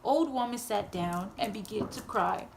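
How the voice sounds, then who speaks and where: A woman at home reading a picture book aloud to her child, gently expressive and playful. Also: medium pitch, moderate pace, vocal fry, slight background noise. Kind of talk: read-aloud storytelling.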